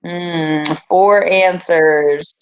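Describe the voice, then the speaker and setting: A woman's voice: lowish voice, steady tone, muffled recording. Upbeat woman teacher reading quiz choices. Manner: upbeat, teasing, reads answer choices slowly and clearly. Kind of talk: running a classroom quiz review. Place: classroom.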